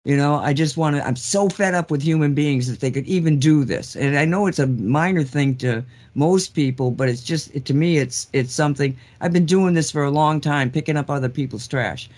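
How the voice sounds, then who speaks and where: A man's voice: fairly high pitch, brisk, hardly any pauses, a little mellow. A man co-hosting a casual show, speaking earnestly and candidly, chuckling at his own remarks. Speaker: co-host. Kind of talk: casual call-in show chat.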